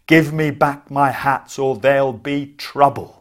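A man voicing a grown male hat seller who shouts, pleads and turns brisk and fed up. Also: fairly high pitch. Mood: angry shouting.

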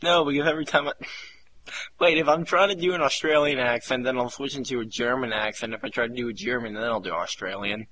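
Young male podcast co-host, teasing, quick to laugh, light hiss behind. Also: medium pitch, bright, forceful tone. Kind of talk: casual podcast chat.

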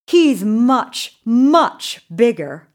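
Pleading goat, lady doing it, storybook voice, higher and lively. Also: drawn-out words, exaggerated voice. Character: middle billy goat, smaller than his brother. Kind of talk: storybook reading.

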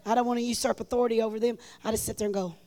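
A woman telling stories in a sermon at a conference, shifting between loud bursts and hushed asides. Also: on the high side, fairly even intonation, rapid-fire. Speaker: conference speaker. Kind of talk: storytelling sermon. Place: large conference hall.

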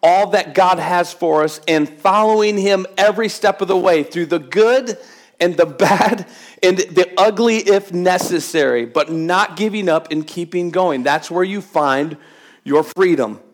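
A man's voice: high-pitched, measured pace. A middle-aged man preaching a sermon to his congregation, chatty and humorous, building to emphatic exhortation. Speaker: pastor. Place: church sanctuary with congregation.

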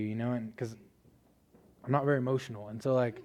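A male preacher telling a story from the pulpit in a loose, conversational way. He leans on filler words as he talks, and his voice sits in an ordinary middle pitch. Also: quick pace, a little mellow. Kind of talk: casual sermon testimony.

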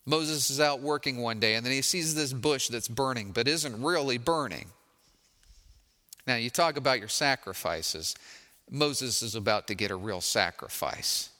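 A man's voice: medium pitch, a little slow, pushed and bright, big-room sound. A man preaching a sermon in a conversational, wry way, acting out the people he quotes. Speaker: pastor.

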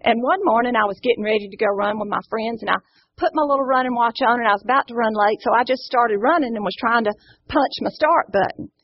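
A higher-pitched woman with a husky, breathy voice and a lilt teaches a Bible study group. She is earnest and encouraging and keeps asking the room questions. The recording sounds dull and lo-fi. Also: fast. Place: indoor room with a live group.

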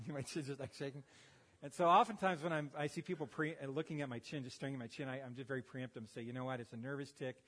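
A man's voice: mid-range voice, fairly even intonation, a little fast, fairly bright tone, long reverb tail. A man in his fifties, a pastor, preaching a sermon with folksy stories and self-deprecating humor. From United States. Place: church sanctuary. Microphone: handheld or headset microphone.

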